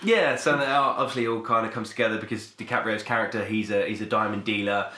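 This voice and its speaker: A man's voice: on the low side, steady tone, fast talker, pushed and bright. A young British man co-hosting a podcast, chatting casually about films with lots of ums and restarts. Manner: rambling, hesitant, full of ums and restarts. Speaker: podcast co-host. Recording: echoey room.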